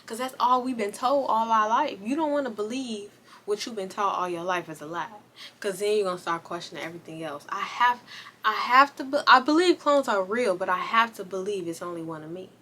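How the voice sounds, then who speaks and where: Bright-voiced woman in a casual review chat. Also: medium pitch, a little fast. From United States. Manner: animated, slangy, talks straight to viewers. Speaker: movie reviewer.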